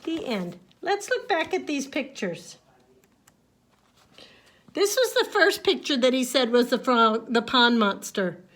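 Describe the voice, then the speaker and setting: A woman reading a picture book aloud to young children, expressive and sing-song, then talking through the pictures. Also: sits high, takes it slowly. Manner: expressive, sing-song, shifting into character voices. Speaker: storybook reader.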